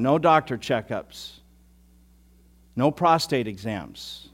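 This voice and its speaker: A man's voice: mid-range voice, expressive, moderate pace, a little mellow. Middle-aged male pastor, easygoing sermon delivery, builds to fervent emphasis. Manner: conversational, self-deprecating, rising to emphatic preaching.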